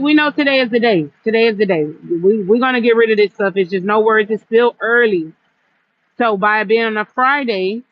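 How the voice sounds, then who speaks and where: A woman's voice: mid-range voice, dull audio. A woman vendor livestreaming from an outdoor stall in the cold, chatting casually and retelling a run-in with a customer. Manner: chatty, retells arguments with quoted back-and-forth. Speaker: vendor selling gift baskets on a livestream.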